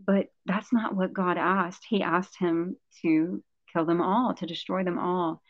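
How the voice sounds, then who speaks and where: Woman co-host in a Bible chat, lowish voice, thinks aloud and chuckles, muffled dry recording. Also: steady tone, measured pace, no echo. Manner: thinks aloud with many fillers and restarts, chuckles. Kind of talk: casual Bible discussion. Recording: dull, dry lo-fi sound.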